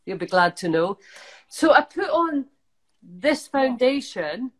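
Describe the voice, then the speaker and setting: A Scottish woman chatting over a video call, telling self-mocking stories in a slightly high voice. She talks freely and laughs at herself. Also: very animated, takes it slowly. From Scotland. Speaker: co-host.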